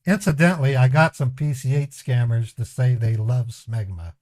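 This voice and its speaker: Male streamer, casual storyteller who chuckles through anecdotes; mellow timbre, dry close mic. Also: mid-range voice, moderate pace, no room sound. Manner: rambling, chuckling anecdotes with voiced quotes. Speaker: scambaiting livestream host. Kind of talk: casual storytelling to a live chat.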